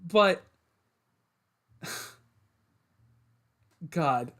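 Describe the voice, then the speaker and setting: A man's voice: a little high, lively intonation, drawn-out words, fairly bright tone. A man hosting a solo sports podcast livestream, talking to his chat in a frustrated, repetitive rant.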